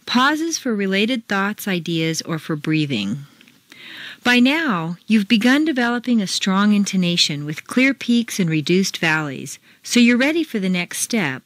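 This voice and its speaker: A woman's voice: mid-range voice, dry recording. Woman, accent-drill instructor, bouncy melodic delivery, dead-dry booth sound. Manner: slow, deliberate drill reading with exaggerated intonation. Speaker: pronunciation teacher. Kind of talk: scripted accent-training lesson.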